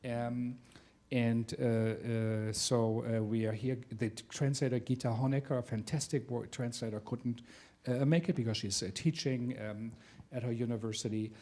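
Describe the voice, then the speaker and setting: Halting man giving a welcome speech. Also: medium pitch, steady tone, dark tone. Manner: halting, with many filler sounds. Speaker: theater center director. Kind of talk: welcome speech to a theater audience. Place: theater venue.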